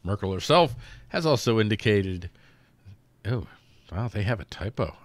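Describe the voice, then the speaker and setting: A man's voice: on the low side, animated, moderate pace, no echo. A man hosting a casual political news commentary show, sarcastic and given to mocking the people he quotes. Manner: sarcastic, mocks quoted figures in silly put-on voices.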